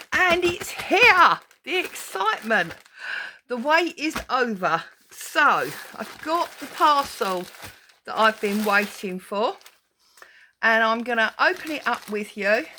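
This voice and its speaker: A woman hosting a casual crafting vlog, giddy and excitable, chattering to herself at her craft desk as she unboxes a parcel. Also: on the high side, takes it slowly, a little hiss or hum. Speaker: crafting channel host.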